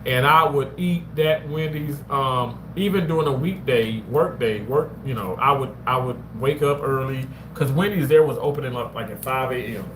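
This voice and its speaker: A man chatting casually with his live-stream viewers, rambling and animated, now and then bursting into loud excited shouts. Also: medium pitch, normal speed, hardly any pauses. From Mississippi. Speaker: vlogger reading live chat. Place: outdoors on a walk. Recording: roomy, with faint ambient noise.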